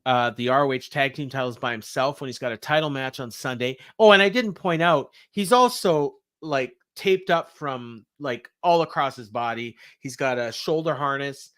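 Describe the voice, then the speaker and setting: Smooth-voiced man recapping wrestling. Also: medium pitch, moderate pace, hardly any pauses, fairly bright tone. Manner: rambling play-by-play with many fillers. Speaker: podcast co-host.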